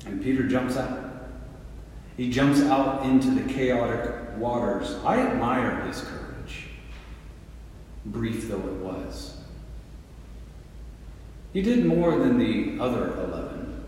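Slow-preaching pastor in an echoey hall. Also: male voice, mid-range voice, lively intonation, darkish tone, a little hiss or hum. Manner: deliberate preaching with rhetorical questions and repetition. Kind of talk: sermon. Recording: echoey hall from a distant mic.

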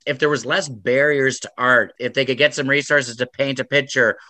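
A male host with a bright, forceful tone talks earnestly in a casual interview. His voice is close and dry, with a measured, reflective delivery. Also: mid-range voice, fairly even intonation, no room sound. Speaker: podcast host.

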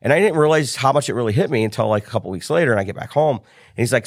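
A middle-aged American man, a business coach on a podcast, races through a casual story at a medium pitch, animatedly acting out each character's quoted words. The studio recording is clean, with no room sound.

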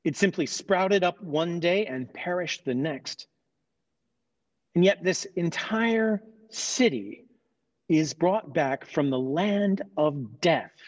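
A man's voice: on the high side, expressive, slow, pitched above the performer's own voice. A man voicing God as a stern yet tender fatherly deity in a dramatized sermon retelling, earnest and emphatic. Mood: stern pleading. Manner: earnest, questioning, rising to emphatic. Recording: dull lo-fi recording.

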